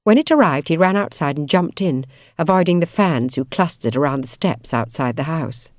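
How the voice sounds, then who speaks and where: A woman reading a novel aloud as an audiobook narrator, in expressive, measured storytelling. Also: sits low, no room sound, clean studio sound. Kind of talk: scripted narration.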